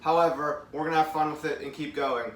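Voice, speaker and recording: A man's voice: on the high side, steady tone, fairly quick, a little hiss or hum. A man in his thirties hosting a casual live eating stream at home, chatting upbeat with his viewers and reading their comments aloud. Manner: chatty, upbeat, talks with mouth full, reads comments aloud. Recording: echoey room, mic at a distance.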